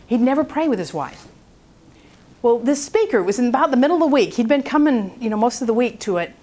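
High-voiced woman telling a prayer story. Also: quick pace. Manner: animated, acts out the people in her story. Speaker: speaker teaching on prayer. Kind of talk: storytelling seminar talk.

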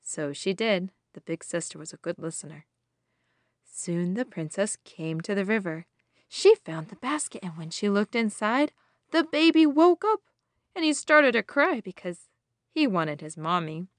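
A woman's voice: mid-range voice, animated, dry recording, studio quality. Woman telling a children's Bible story. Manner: slow sing-song, asking children questions. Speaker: children's devotional host.

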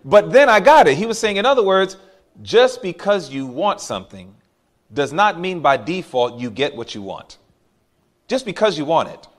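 A man's voice: fairly high pitch, very animated, moderate pace. A man preaching to a congregation, telling a story from his childhood and calling out to the crowd. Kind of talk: sermon.

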